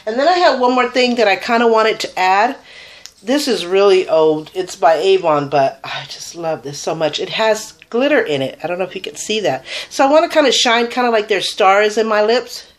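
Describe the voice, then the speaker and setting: A woman's voice: mid-range voice, lively intonation, normal speed. A woman chatting casually through a makeup tutorial, rambling and enthusiastic about her products. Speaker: beauty vlogger.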